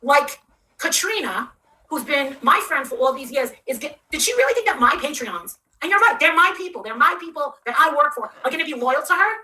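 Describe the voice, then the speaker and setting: A woman with a high, bright voice rants through a heated storytime, swearing freely and acting out each person's words. She sits a little back from the mic. A faint hum of background noise runs underneath. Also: expressive, fairly quick, far from the mic, poor audio. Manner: heated, profane, acts out quotes with shifting voices. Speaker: creator telling a story to her audience. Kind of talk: ranting storytime.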